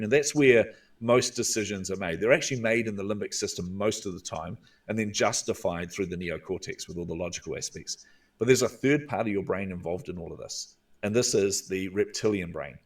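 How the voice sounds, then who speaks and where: Kiwi guy, lowish voice, a bit far from the mic, animated storyteller. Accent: New Zealand. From New Zealand. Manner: animated, acts out inner voices with drawn-out "hmm". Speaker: guest, visibility coach. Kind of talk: storytelling interview talk.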